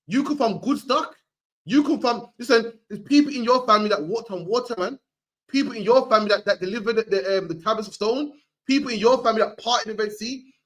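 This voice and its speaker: A man's voice: high voice, fast, a bit bright. A man giving an emphatic preaching lecture, ending his lines with "man". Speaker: street preacher.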